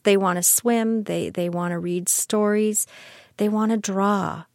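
A woman's voice: medium pitch, slow pace, creaky, a little mellow, no echo, clean studio sound. An older woman, a grandmother, telling personal stories in a chatty, candid and reflective monologue. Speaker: podcast host.

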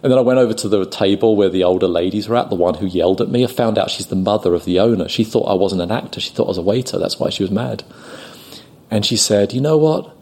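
A British man telling a story on a podcast, animated and often laughing as he acts out the people he quotes. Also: lowish voice, fast, breathy edge. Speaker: podcast guest, actor. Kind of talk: casual anecdote telling.

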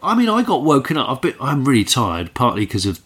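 A man's voice: mid-range voice, huge pitch swings, brisk, a bit bright. A man co-hosting a podcast, chatting casually and playfully, joking with his co-host. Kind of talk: casual chat. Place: caravan.

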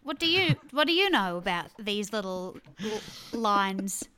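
A woman's voice: mid-range voice, big pitch swings, unhurried, pushed and bright. A woman comedian playing a quiz, chatty and rambling, often amused. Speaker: comedian contestant. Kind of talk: casual comedy banter.

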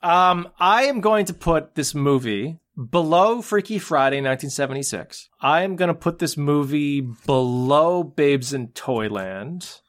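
A man's voice: fairly high pitch, animated, measured pace, hardly any pauses, a bit bright. A man hosting a casual podcast chat, blunt and jokey as he ranks films and signs off. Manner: blunt, jokey, wraps up the show. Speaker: podcast host.

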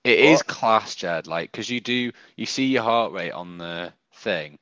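Low male co-host, wry self-deprecating chat, dull dry sound. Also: animated, unhurried, pushed and bright, dry recording. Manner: dry self-mocking storyteller. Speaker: podcast co-host. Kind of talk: casual chat.

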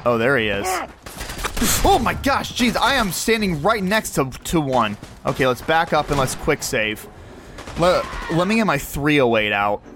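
Male host, lively higher voice, chatty play-by-play of his own gaming. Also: moderate pace, slight background noise. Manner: excitable, narrates his every move aloud. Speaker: podcast host. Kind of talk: video game play-by-play commentary.

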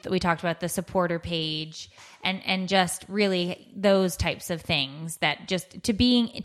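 A woman's voice: fairly low pitch, a bit bright. A middle-aged woman hosting a podcast, telling stories in a rambling, casual way with many restarts. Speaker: podcast host. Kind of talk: casual chat.

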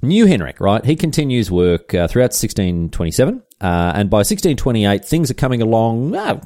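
Man, podcast host, comic history storytelling, very animated delivery, dry close sound. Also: on the low side, a little fast, no echo. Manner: irreverent, chatty asides and swearing.

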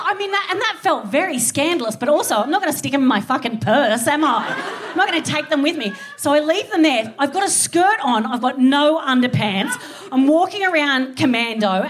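A woman with an Australian accent telling a comic story on stage, animated and swearing freely as she acts out voices. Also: high voice. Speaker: comedian. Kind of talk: live stand-up storytelling.

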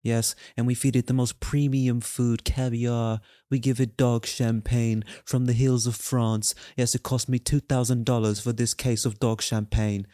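A man's voice: medium pitch, level tone, warm tone, dry recording, studio quality, lightly acted. A man voicing a snobbish, pompous rich dog-show owner with a put-on British accent, showing off how he pampers his dog. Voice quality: posh, pompous, drawn-out.

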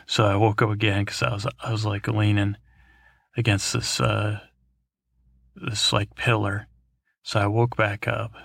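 A man's voice: on the low side, vocal fry, a bit bright, no room sound, clean studio sound. A man hosting a podcast, telling a meandering, improvised bedtime story full of fillers and restarts. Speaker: podcast host.

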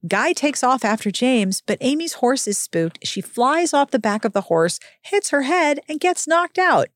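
A woman hosting a casual book-recap show, talking in a wry, exasperated way with sudden jumps in pitch. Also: sing-song, unhurried, no room sound, studio quality. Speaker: podcast host recapping a book.

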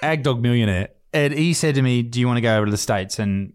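A man's voice: mid-range voice, fast talker, a little hiss or hum. A man co-hosting a podcast in loose, casual chat. He swears freely, rambles, and often stops partway through a thought to restart it. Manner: rambling, profane, self-interrupting. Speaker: podcast co-host. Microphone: podcast microphone.

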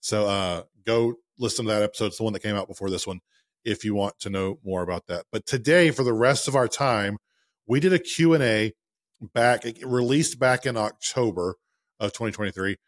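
Man, 30s, podcast co-host, casual self-deprecating chat, slightly low voice. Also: a little fast, no echo, studio quality. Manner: relaxed, self-deprecating, conversational.

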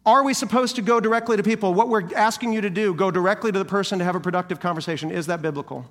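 A man's voice: sits high, racing, in a large hall. A male senior pastor giving a sermon, preaching animatedly and acting out the voices of people he quotes.

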